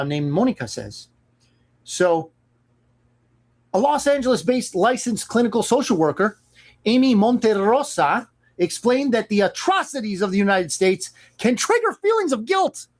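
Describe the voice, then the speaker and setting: In a mid-range voice, a radio talk show host delivers an opinionated monologue. He's emphatic and sarcastic, throwing mocking asides at the people in the news.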